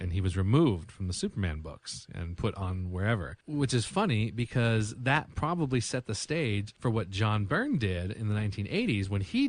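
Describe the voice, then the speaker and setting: Low-voiced chatty man. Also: no room sound. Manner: chatty, explains references, many "you know"s. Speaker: podcast co-host. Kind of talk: casual chat.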